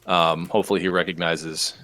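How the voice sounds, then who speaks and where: A man's voice: deep voice, little pitch movement, brisk, sharp tone. A man playing a tabletop role-playing game, talking hesitantly with lots of ums. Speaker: player.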